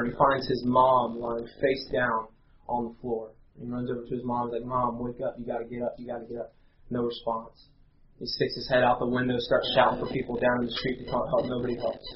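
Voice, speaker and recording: A man, preaching a sermon in an earnest, halting way with many fillers. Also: medium pitch, a little hiss or hum. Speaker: pastor. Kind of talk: sermon with prayer and storytelling. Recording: roomy, slightly dull live recording.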